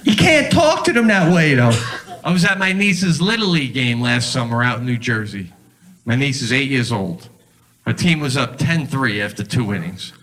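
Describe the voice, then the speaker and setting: A middle-aged man doing a stand-up set, animated and exasperated, slipping into quick impressions. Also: medium pitch. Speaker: stand-up comedian. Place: club stage with a laughing audience. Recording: live stage recording with crowd laughter.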